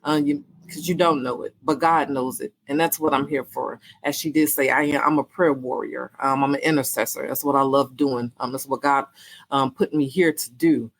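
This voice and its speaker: A woman. She talks casually and warmly, repeating her thanks and encouragement, with lots of "um"s. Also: very deep voice, fairly even intonation, moderate pace. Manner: warm, repetitive, faith-filled encouragement with many fillers. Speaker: podcast host. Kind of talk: casual podcast sign-off.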